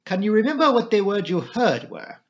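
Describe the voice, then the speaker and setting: A man's voice: sits high, sing-song, fairly quick, voice pushed up. A man voicing a fussy older male Belgian detective, formal and elaborately polite. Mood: probing.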